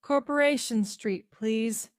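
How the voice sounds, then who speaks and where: A cheerful young man giving short, brisk answers in a slow learner's storybook, read by a woman. His lines lift a little above the narration, and the sound is close and dry. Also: a little high, no echo. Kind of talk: graded reader story narration.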